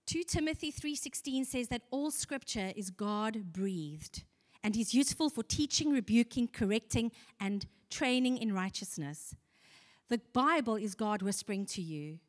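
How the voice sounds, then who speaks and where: A woman's voice: a little high, expressive, a little slow. A woman preaching a sermon, earnest and conversational, asking the congregation questions. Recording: long hall reverb.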